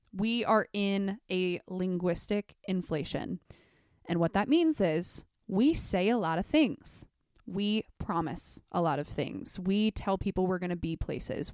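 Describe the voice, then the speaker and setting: A woman's voice: lowish voice, smooth, dry recording, clean studio sound. A young woman hosting a solo podcast, telling stories with passion and acting out quotes in mock voices. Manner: animated, passionate storytelling. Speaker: podcast host. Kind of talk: casual solo podcast monologue.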